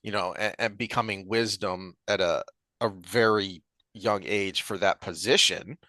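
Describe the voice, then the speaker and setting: A man co-hosting a podcast, talking in a rambling, animated way with frequent restarts. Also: on the low side, unhurried, no room sound. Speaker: podcast co-host. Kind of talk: casual chat.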